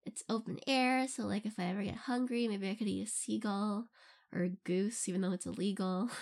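Her voice sits at medium pitch with fairly even intonation, a moderate pace and a touch of mellowness. A young adult audio creator, she rambles casually through listener questions in a relaxed Q&A, with frequent laughter between phrases.

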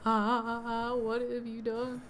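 A woman's voice: on the high side, completely flat delivery, very slow, background noise. A woman chatting casually with a friend while playing a game, playful and slangy. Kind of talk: casual gaming chat.

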